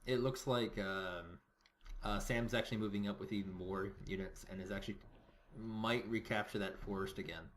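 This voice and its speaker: A man co-commentating a strategy game match in a relaxed, joking way. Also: on the low side, moderate pace, a little hiss or hum. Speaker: game caster. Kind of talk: esports commentary.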